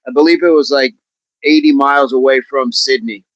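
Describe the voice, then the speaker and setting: A man's voice: medium pitch, fairly even intonation, fairly quick, no echo, lo-fi sound. A middle-aged man hosting a livestream, chatting casually, reading viewers' comments, laughing often and repeating phrases playfully. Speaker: livestream host.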